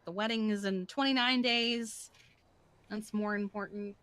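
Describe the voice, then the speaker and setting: A woman streamer chatting in character during a roleplay game, ranting in an animated, exasperated way. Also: medium pitch, unhurried, smooth.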